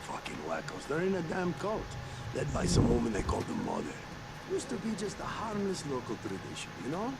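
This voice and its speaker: A gruff, gravelly smuggler, swaggering and foul-mouthed in a game. His pitch swings widely as he talks like a sly salesman. Heavy noise sits behind the voice. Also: wildly swooping pitch, a little fast, heavily acted. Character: gruff middle-aged male smuggler trader.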